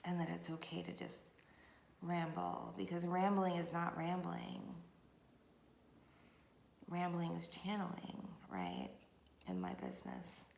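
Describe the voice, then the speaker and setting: A woman's voice: lowish voice, expressive, takes it slowly, vocal fry, long pauses, a little mellow. A woman giving a chatty, rambling tarot reading with many fillers, recorded on a camera mic. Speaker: tarot reader. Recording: echoey room with faint noise.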